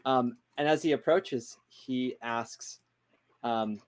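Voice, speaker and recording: A man's voice: medium pitch, fairly even intonation, a little slow. A man describing his character's actions in a tabletop game, loose and hesitant with many fillers. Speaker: player.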